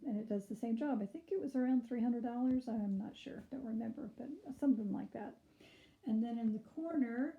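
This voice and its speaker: A middle-aged woman walks through her sewing room in an easygoing, chatty way, often pausing on an um. Her voice is slightly high, with a mellow tone and a touch of hoarseness. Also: highs cut off. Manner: relaxed and chatty, with frequent ums. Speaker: quilter giving a sewing room tour. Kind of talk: casual room tour.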